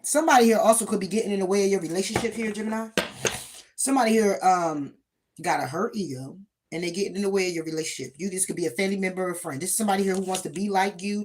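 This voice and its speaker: A woman's voice: on the low side, a little hiss or hum. A woman giving a casual tarot reading, sassy and emphatic, often repeating her points. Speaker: tarot reader.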